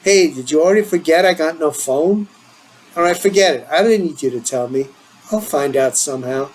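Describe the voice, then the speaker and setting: A man voicing a boastful, defensive teenage boy, in a low, muttered manner. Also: expressive, moderate pace, a little hiss or hum, lightly acted, poor audio.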